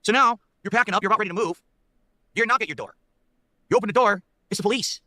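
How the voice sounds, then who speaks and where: A man pours out an emphatic rant to his viewers, racing along in a high voice. He keeps checking in with the audience. The sound is bright and dry. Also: quick pace, no room sound. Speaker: online streamer. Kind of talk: ranting monologue to viewers.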